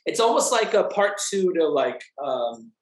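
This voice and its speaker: A man's voice: on the high side, big pitch swings, a little slow. A man talks in a casual interview, a music producer describing how his songs came together. He is upbeat and chatty, often stopping on "uh" and "um", and his voice rings in a roomy, echoing space. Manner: upbeat, chatty, with hesitant "uh" and "um" restarts. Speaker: music producer and artist interviewed about an album. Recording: echoey room.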